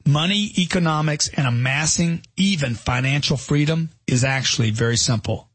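A middle-aged man speaks in a husky voice that sits a little high for a man. He delivers motivational narration with punchy emphasis and strings of rhetorical questions. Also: moderate pace, a bit bright, dry recording. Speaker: self-help author.

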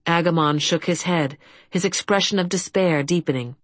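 A woman narrating an audiobook in a steady, even storytelling manner. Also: lowish voice, moderate pace, no room sound. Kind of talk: scripted fantasy narration.

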